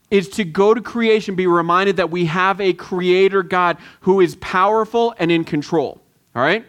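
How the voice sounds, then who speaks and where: Male children's pastor, high and lively, coaxing kids through a sermon. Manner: lively, coaxing, quotes film lines with voices.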